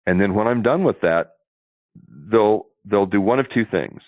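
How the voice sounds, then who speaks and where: A man's voice: fairly low pitch, expressive, measured pace, no echo. A man giving sales advice in an interview, chatty and explanatory, often checking in with "see?". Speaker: sales trainer, interview guest. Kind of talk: instructive interview talk. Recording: tinny phone line.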